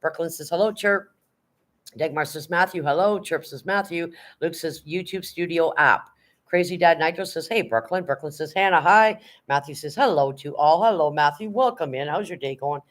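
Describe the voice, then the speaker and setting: A middle-aged man hosting a livestream, reading viewers' chat messages aloud and giving upbeat shoutouts. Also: a little high, moderate pace. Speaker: livestream host. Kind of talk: casual live-chat shoutouts.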